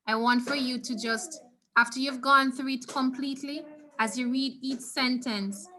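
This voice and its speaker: A Jamaican woman teaching a Spanish class over a video call, her voice high and bright. She praises her students and slowly repeats key words. A faint hiss of noise sits behind her. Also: fairly even intonation.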